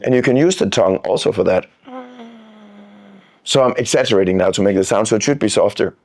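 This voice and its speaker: A man coaching breath technique on a podcast, calm and demonstrative, drawing words out as he explains. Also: fairly low pitch, quick pace. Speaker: freediving coach, guest. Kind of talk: instructional podcast talk.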